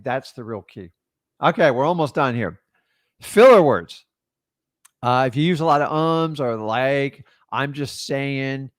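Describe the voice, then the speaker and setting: Male sales coach, mid pitch, emphatic and direct, dry close recording. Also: no room sound. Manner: punchy, emphatic, talks straight to the viewer with quick rhetorical questions; acts out short seller and caller exchanges in quick quoted voices. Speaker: real estate wholesaling coach. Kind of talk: direct-to-camera teaching talk.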